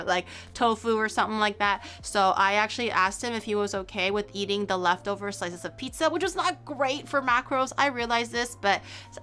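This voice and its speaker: A woman's voice: medium pitch, sharp tone. A young woman streamer chatting casually with her viewers, rambling and teasing them playfully with frequent laughter. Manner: rambling, playful, laughs often, teases chat. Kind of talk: casual live-stream chat.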